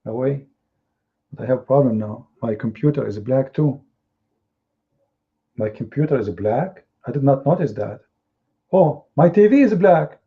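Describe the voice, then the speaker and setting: A man's voice: medium pitch, lively intonation, unhurried, long pauses. A man hosting an online debate room, talking in a mocking, scornful way. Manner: sarcastic and scornful, acting out others in quotes. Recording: tinny phone-like audio.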